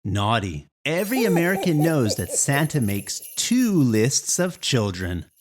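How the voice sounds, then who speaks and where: An English teacher explaining vocabulary carefully and clearly in an online lesson. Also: medium pitch, very animated, unhurried, darkish tone.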